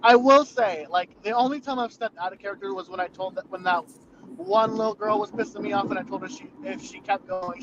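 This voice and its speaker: A young man telling rambling, profane work stories in casual chat, full of fillers. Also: high voice. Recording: muffled lo-fi recording with clear background noise.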